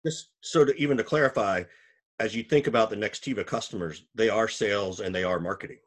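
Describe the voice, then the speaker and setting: A man's voice: on the low side, a little fast. Upbeat male podcast host. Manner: upbeat, jokey introductions. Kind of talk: casual podcast chat.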